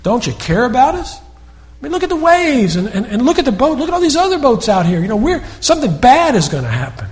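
A man's voice: extremely high pitch, very animated, brisk, voice pushed up. A man acting out a frightened fisherman disciple who pleads frantically and stammers in panic. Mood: panicked.

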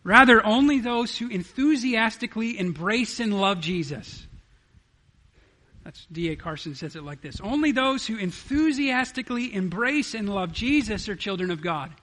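Man, high-pitched voice, pastor, earnest sermon, reads verses, rhetorical questions. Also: expressive, normal speed, sharp tone. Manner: earnest, asks rhetorical questions, quotes scripture aloud. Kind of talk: expository sermon.

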